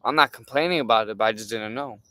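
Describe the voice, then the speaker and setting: A young man telling a story from his day in a casual, animated way, swearing and using lots of fillers. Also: medium pitch, fast talker, no room sound. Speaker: streamer.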